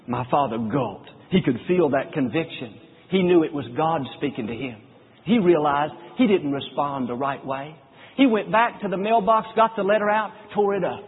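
A man with a husky, slightly high voice preaches with earnest storytelling. His words carry a long hall echo. The sound is thin and phone-like. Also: lively intonation. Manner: earnest storytelling preacher, slows for scripture quotes. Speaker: pastor. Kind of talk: sermon.

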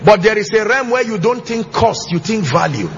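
A pastor preaching to his church, emphatic and sing-song, with shouted bursts and call-and-response questions. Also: high voice, lively intonation, moderate pace, a little hiss or hum. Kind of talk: sermon. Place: church auditorium with congregation. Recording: slightly muffled church recording, faint music.

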